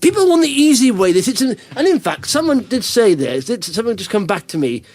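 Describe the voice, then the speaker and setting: A man's voice: very high voice, very animated, brisk, a little mellow. A man hosting a podcast, telling rambling stories full of restarts and fillers in a casual chat. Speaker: podcast host.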